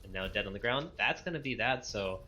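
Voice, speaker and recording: A man calling live esports play-by-play with quick bursts of excitement. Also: on the low side, slight background noise.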